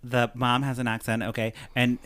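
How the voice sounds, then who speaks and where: A man's voice: medium pitch, moderate pace, crowd noise. Chatty man recapping a movie plot. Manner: animated retelling, quoting characters with "she's like". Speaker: podcast host. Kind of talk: casual chat, recapping a movie.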